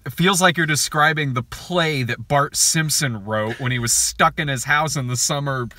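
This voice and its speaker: A man co-hosting a casual movie review chat, talking in an animated way, swearing freely and often laughing. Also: a little high, normal speed, no room sound, clean studio sound. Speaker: film review co-host.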